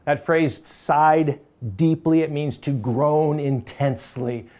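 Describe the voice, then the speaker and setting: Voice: medium pitch, steady tone, takes it slowly, a little mellow. A pastor preaching a sermon in a conversational, emphatic way, often breaking into small chuckles.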